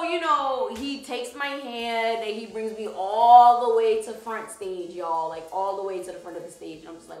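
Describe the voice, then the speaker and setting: A woman's voice: a little high, steady tone, normal speed, few pauses, darkish tone, roomy sound, poor audio. A young woman vlogger telling a dating story in a casual, sassy way, swearing freely. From Haitian background.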